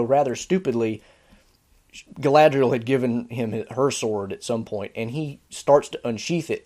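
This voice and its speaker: A man hosting a podcast, giving casual spoken commentary on a series in an exasperated, sarcastic, animated way. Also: medium pitch. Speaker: podcast host reviewing a series.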